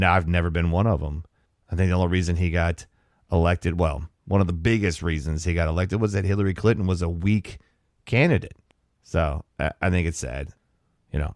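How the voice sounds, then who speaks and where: A man's voice: deep voice, a little mellow, dry recording, clean studio sound. A man hosting a comedy podcast, ranting in a sarcastic, exasperated way with frequent restarts. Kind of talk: casual comedic rant.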